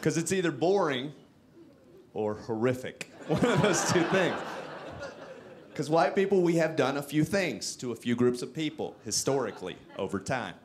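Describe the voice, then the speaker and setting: A man from Texas doing a stand-up comedy set on a club stage into a handheld mic, with self-mocking, animated delivery. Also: a little high, moderate pace, crowd noise, background noise.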